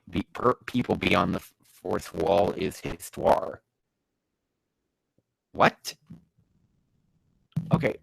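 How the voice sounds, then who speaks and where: A man reads bad fanfiction aloud and rips into it, his nose stuffy from allergies. His mid-range, creaky voice turns sarcastic, profane and exasperated, erupting into yells in this ranting comedic commentary, with no echo on the recording.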